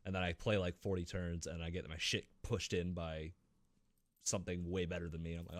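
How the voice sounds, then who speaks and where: A man co-hosting a gaming podcast, chatting casually, swearing a lot and acting out his reactions in a loud, high voice. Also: steady tone, quick pace, no room sound. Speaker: podcast co-host. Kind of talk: casual chat.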